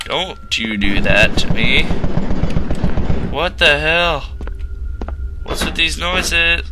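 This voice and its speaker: A man's voice: fairly high pitch, slow pace, long pauses, background noise. A man hosting a gaming channel, giving casual commentary on a horror game in a rambling way and getting easily startled. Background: game music.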